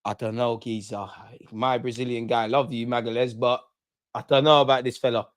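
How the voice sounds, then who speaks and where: A man's voice: mid-range voice, little pitch movement, fairly quick, no echo. A young man hosting a live football watch-along, heckling penalty takers and ranting casually. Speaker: football fan channel host.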